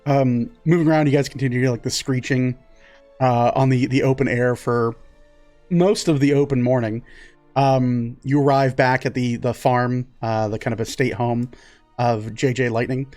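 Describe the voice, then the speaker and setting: A man running a tabletop game, narrating at an even middle pitch. He rambles with lots of fillers. Soft music plays underneath. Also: normal speed. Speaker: game master.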